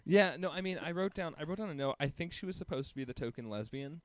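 A man's voice: a little high, fast talker, no echo. A man co-hosting a casual chat about a TV episode, hesitant, with lots of ums and restarts. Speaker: podcast co-host.

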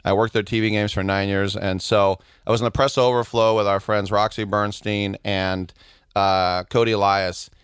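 A middle-aged man co-hosting a podcast, chatting excitably about sports in a rambling way. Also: fairly low pitch, normal speed, smooth, no room sound, studio quality. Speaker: podcast co-host. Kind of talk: casual sports chat.

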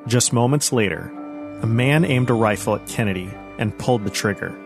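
A man narrating a history podcast as host, in a measured, even storytelling manner. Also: fairly low pitch, vocal fry, over music.

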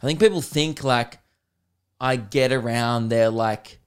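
An Australian man hosting a podcast, chatting casually and telling rambling stories with laughs and quick mimicry. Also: medium pitch, clean tone. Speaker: podcast host and comedian. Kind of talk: casual chat.

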